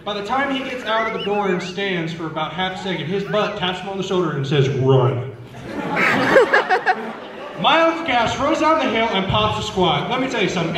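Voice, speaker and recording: A young man with a fairly high voice tells stand-up stories on a school talent show stage. He is chatty and keeps asking the crowd questions. He sounds far from the mic in a very echoey hall. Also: expressive, fast talker, few pauses. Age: young adult. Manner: chatty, asks the crowd questions, acts out relatives. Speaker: student comedian. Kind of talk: stand-up storytelling.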